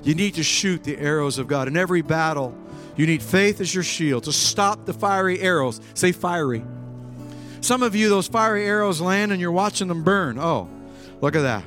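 Male pastor, lively sermon delivery, slightly high voice, faint music behind. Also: moderate pace. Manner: animated, acts out scenes with shouts. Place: church with live and online congregation.

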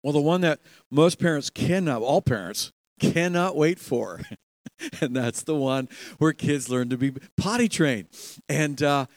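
A man with a slightly high voice delivering a sermon, animated and lively, often laughing as he acts out the voices in his stories. The sound is dry and close, with little room echo. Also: measured pace. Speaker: pastor.

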